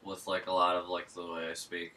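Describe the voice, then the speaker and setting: Low, bright man with a slight slur. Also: fairly quick, far from the mic, rough recording. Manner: slight slur, relaxed drawl. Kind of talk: casual chat.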